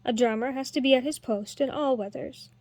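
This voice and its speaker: A wise older master harper, measured and kindly yet firm, as a woman reads him in a storybook. The voice sits high and the recording is dry and close. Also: a little mellow, no room sound.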